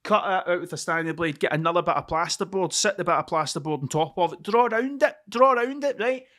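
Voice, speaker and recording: A middle-aged Scottish man talking in a high, bright voice, rambling and swearing freely as he hosts his own podcast. He keeps losing his thread and mocking himself while chatting casually into the camera mic in a cold room at home. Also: fast talker. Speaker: podcast host.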